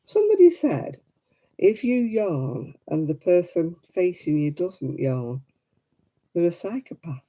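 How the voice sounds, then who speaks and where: A drowsy woman chats unhurriedly with her livestream viewers, her husky voice low on breath and slow in pace. Her tone is deep and mellow, with a sleepy, yawning quality and easy laughter. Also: very animated. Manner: chatty and sleepy, with frequent laughs. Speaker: crafting livestream host. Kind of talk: casual chat with viewers.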